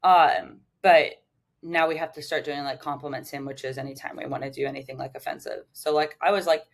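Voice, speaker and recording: A woman's voice: low-pitched, steady tone, a little fast, gravelly. A woman in her twenties cohosting a podcast, chatting candidly with many "like" fillers. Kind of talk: casual chat.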